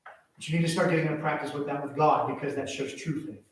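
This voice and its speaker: A man preaching a sermon, telling a family story in an animated way that swings from hushed asides to loud exclamations. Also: a little high, quick pace. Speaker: pastor. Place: church sanctuary. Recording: echoey church hall from far off.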